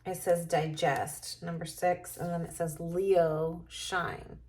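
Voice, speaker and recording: Slow, musing woman reading tarot. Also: on the low side, level tone, darkish tone. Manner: musing, unhurried, thinks aloud. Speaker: tarot reader. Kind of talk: casual tarot reading to camera.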